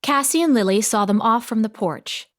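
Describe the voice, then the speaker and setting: A woman narrating an audiobook in a steady storytelling manner. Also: fairly high pitch, moderate pace. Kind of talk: scripted narration.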